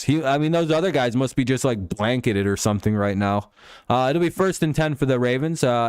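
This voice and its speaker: A man's voice: mid-range voice, a little mellow, clean tone, dry recording, studio quality. Profane ranting young man streamer. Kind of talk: live game watch-along chat.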